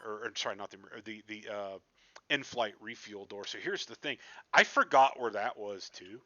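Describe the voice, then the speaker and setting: Casual male storyteller, self-deprecating and profane, tense bright tone, muffled recording. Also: mid-range voice. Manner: self-deprecating, rambling, swears freely. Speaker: flight sim gamer recounting a session. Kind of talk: casual storytelling over gameplay.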